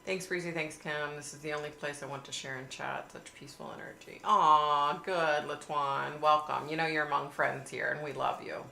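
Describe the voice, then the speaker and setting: Chatty woman with a low, gravelly voice. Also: fairly even intonation, normal speed, few pauses, bright, forceful tone. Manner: chatty, reads viewer comments aloud and answers them. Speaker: livestream host chatting with viewers. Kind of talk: casual live chat. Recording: echoey room with faint hiss.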